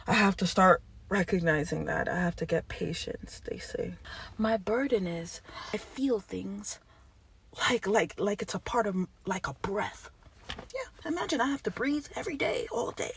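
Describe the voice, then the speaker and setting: A woman vlogger talking straight to the camera in an impassioned monologue, jumping from yelling to hushed tones. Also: medium pitch, husky.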